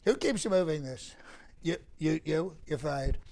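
A man's voice: fairly high pitch, animated, unhurried, gravelly, dark tone. A male comedian doing an impression of a boastful president, rambling and repeating himself in a mock press conference. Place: mock press room set.

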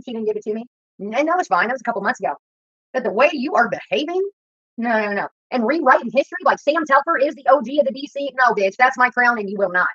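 A woman's voice: a little high, sharp tone, dry recording. A woman YouTuber ranting in a profane, confrontational, rambling way while she cooks at home. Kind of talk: ranting while cooking on a livestream. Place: home kitchen. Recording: dull lo-fi sound, dry.

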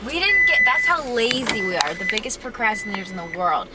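A woman's voice: mid-range voice, very animated, brisk. A young woman chatting casually on a vlog, playfully indignant and bickering with her partner. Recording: loud background noise.

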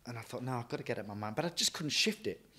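A man, a chef and restaurant owner, telling stories from his career in a lively way, often acting out what he thought and said. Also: medium pitch, racing. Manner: lively anecdotal, quotes himself often. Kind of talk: casual interview storytelling.

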